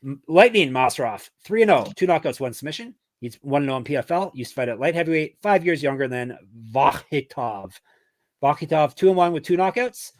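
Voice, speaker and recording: A man hosting a betting podcast, reading sponsor ads and chatting in an energetic, self-deprecating way. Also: a little high, dry recording, studio quality. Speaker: podcast host. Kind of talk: casual chat and ad reads.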